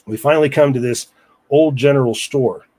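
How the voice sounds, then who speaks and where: A man's voice: mid-range voice, normal speed, darkish tone. A man recounting a personal story in a casual interview, rambling with asides to the listener. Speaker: guest storyteller.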